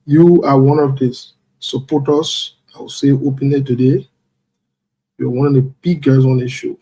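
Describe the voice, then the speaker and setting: A husky-voiced man runs a loose, chatty live stream. He reads out viewers one after another with a playful, chuckling ease, and his voice sits in an ordinary middle register. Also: medium pitch, fairly even intonation, moderate pace, dark tone. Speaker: livestream host. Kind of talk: casual live-stream chat, reading out viewers.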